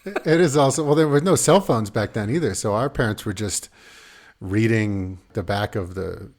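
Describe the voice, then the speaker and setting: A man's voice: fairly low pitch, normal speed. Rambling man chatting on a podcast. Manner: rambling, does animated voices of his kids. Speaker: podcast co-host. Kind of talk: casual chat.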